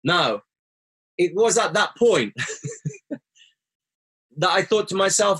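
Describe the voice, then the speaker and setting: A man with a somewhat high, breathy and husky voice tells a personal story as a guest. He speaks earnestly and reflectively. When he quotes what he said or thought, his voice leaps sharply upward. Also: big pitch swings, extremely slow, pauses often, fairly bright tone. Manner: earnest, rises sharply when quoting himself.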